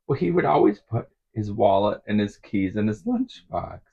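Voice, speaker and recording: A middle-aged man with a gravelly, husky voice tells rambling stories in a casual vlog and chuckles often as he goes. His pitch rises and falls a lot. The recording is slightly dull. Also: very animated, normal speed, mellow. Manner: rambling, laughs often while telling stories. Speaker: vlogger.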